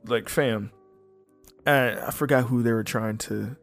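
A young man hosting a casual solo podcast, blunt and animated, swearing freely as he comments. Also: mid-range voice, measured pace, vocal fry, faint music behind. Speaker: podcast host.

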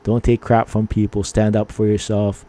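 This man's lowish, mellow voice carries a flat delivery at a moderate pace. He's a middle-aged Hawaiian podcast host telling meandering stories in a casual monologue, heavy on fillers, sometimes acting out angry lines.

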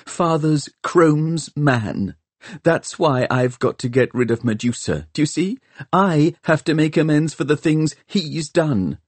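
Man doing a young woman, raised high voice, teary and earnest, really determined. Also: lively intonation, a little slow, no echo. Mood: tearful. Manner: tearful, earnest.

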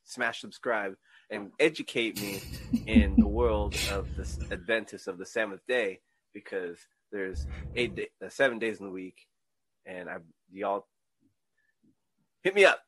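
Podcast guy rambling and cussing, animated, dry close sound. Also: lowish voice, a little slow, slightly rough, no room sound. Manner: swears freely, animated storyteller. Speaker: podcast host. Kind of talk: casual chat.

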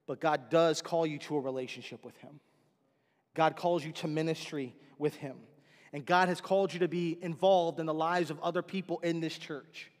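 A man's voice: a little high, long reverb tail. A man preaching a sermon as pastor, telling stories animatedly and acting out the voices of the people in them.

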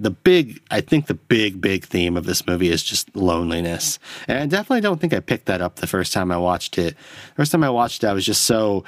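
A man's voice: fairly low pitch, no echo. A man hosting a podcast alone, rambling through a profane, self-deprecating film review into a close microphone. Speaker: podcast host. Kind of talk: solo film review rant.

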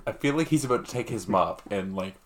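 A man's voice: fairly low pitch, expressive, fast talker. A man chatting as a player at a tabletop game, with laughing asides. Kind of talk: casual game chat.

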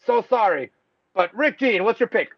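High-voiced excitable man on a podcast. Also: normal speed, dry recording. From Mexico. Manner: loose, profane, excitable, laughs often. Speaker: podcast host. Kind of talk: casual sports chat. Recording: dull lo-fi sound, dry.

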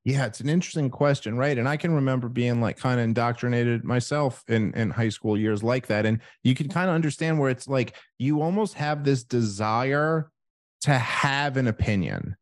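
A man speaking as a guest in a casual conversation, animated, acting out his own inner thoughts as he talks. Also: medium pitch, moderate pace, no room sound. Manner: animated storyteller, acts out inner voices.

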